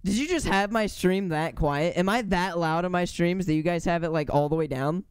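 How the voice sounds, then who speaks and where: A man's voice: high voice, moderate pace, clean tone, dry recording. A man streaming casually while reacting to a video, loose and self-mocking with frequent swearing.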